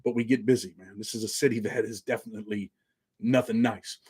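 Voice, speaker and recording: A man's voice: fairly low pitch, little pitch movement, a little fast, a little mellow, husky. A man in his forties from New York with a slight Southern country twang, hosting a casual, streetwise monologue and calling his viewers "man" constantly. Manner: laid-back, streetwise, drops "man" constantly. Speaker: channel host.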